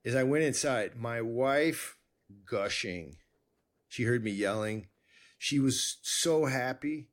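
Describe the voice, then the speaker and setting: A man's voice: mid-range voice, slow pace. Guy hosting a podcast, mid voice, rambly story, keeps restarting. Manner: rambling, self-interrupting, animated. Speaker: podcast host. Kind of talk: casual conversation, storytelling.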